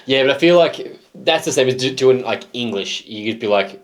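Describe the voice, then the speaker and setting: Lively Australian man co-hosting. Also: medium pitch, moderate pace. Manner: teasing, animated storyteller. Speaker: co-host of a reaction show. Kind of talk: casual chat.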